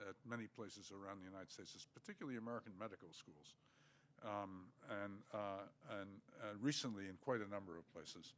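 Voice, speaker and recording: An older man giving an academic lecture, measured and halting, with many fillers. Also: lowish voice, fairly bright tone. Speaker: guest lecturer.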